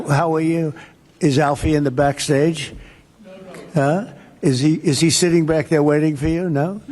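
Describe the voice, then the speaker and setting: A man's voice: a little high, a little mellow. A man speaking as president at a press conference, rambling and boastful, drifting off his point. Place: large press briefing room. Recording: echoey press room, long reverb.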